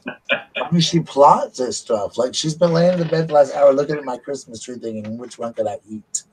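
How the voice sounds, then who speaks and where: A man's voice: on the high side, moderate pace, slight background noise, poor audio. A man, casually telling stories on his vlog and laughing at them. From United States. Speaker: vlogger. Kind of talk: casual storytelling.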